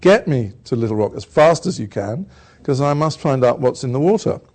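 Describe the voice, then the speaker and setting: An older British man, an actor from England, telling rambling, self-deprecating stories in a relaxed conversation. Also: medium pitch, moderate pace. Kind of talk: conversational storytelling.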